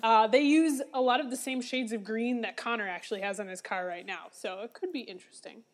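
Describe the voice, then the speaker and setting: A woman's voice: fairly high pitch, fairly quick. A woman from America co-hosting a casual podcast chat, talkative with dry jokes. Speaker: podcast co-host.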